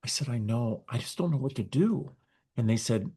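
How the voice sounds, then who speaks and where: A middle-aged man, a guest on an interview podcast, telling his story with lively acted-out dialogue. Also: mid-range voice, normal speed, slightly rough. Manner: animated storyteller acting out quoted dialogue. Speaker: guest, nonprofit founder.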